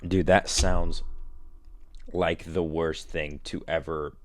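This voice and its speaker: A man's voice: a bass voice, a little hiss or hum. A young man rambling casually to a listener in a slangy way, bursting out now and then. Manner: slangy, rambling, animated outbursts. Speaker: vlogger.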